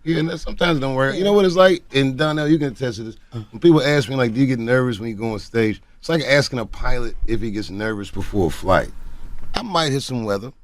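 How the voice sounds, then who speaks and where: A comedian talking casually about his craft as a talk show guest, easygoing and at times loud and laughing. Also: mid-range voice, fast. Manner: laid-back, swings from soft reflective to loud and laughing.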